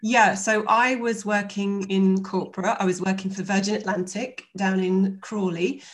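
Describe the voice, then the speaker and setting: A woman in her fifties speaks as a guest in a relaxed interview. She tells her story in a chatty, animated way, with plenty of fillers and restarts. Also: mid-range voice, moderate pace. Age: 50s.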